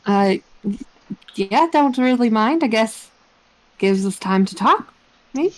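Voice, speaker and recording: A woman's voice: on the high side, lively intonation, takes it slowly, no room sound, poor audio. A woman playing in a tabletop role-playing game, speaking lightly and casually. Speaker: player.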